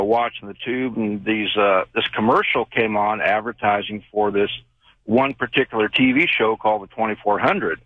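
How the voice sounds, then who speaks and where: A man's voice: fairly low pitch, dry recording. A man calling into a late-night radio show, telling a long rambling story with many fillers. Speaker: caller. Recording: tinny phone line.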